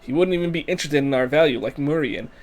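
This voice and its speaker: Reading a game's story text as a fan, a man voices a cheerful female genius guide in a put-on, stereotyped Italian accent. His voice is on the high side and close to an everyday sound, and he talks fast with a playful, guiding lilt.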